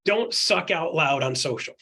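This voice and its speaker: A man coaching on real estate in a candid chat, punching his points with quick rhetorical questions and acting out what other people say. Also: fairly high pitch, lively intonation, creaky, bright, forceful tone. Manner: acts out quotes in other voices.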